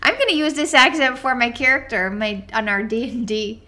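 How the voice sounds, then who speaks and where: Woman, podcast co-host, giggly, slightly high voice, bright tone. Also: moderate pace. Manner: giggly, upbeat, lots of "like". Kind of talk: casual chat about a card game.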